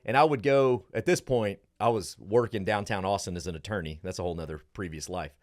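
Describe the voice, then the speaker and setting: A middle-aged man, a travel show host chatting as a podcast guest, animated, acting out the people he quotes. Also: deep voice, brisk, no room sound, studio quality. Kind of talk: casual podcast chat.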